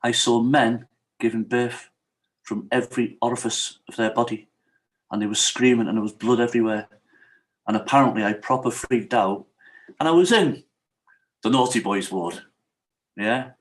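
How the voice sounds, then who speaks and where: A man's voice: mid-range voice, moderate pace, pauses often. A middle-aged man from Wales, a podcast guest telling his personal story in an earnest, confessional way. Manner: earnest, confessional, leans on "yeah" and "I said".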